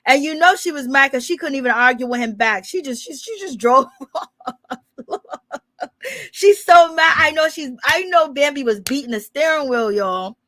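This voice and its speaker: A woman casually recapping reality TV gossip, telling it in an animated, slangy way and laughing often. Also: high voice, moderate pace, no echo, studio quality.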